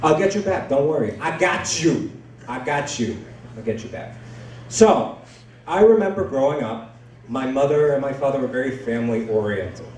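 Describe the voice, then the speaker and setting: A man's voice: medium pitch, lively intonation, normal speed, darkish tone, a little hiss or hum. A man doing a stand-up set, joking crudely and self-deprecatingly with the crowd from a comedy club stage. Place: comedy club stage before a live audience. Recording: roomy club sound from far off.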